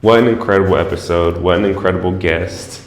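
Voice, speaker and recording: A man hosting a casual interview while painting, relaxed and encouraging, with many fillers like "like" and "you know". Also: low-pitched, fast, echoey room. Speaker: podcast host.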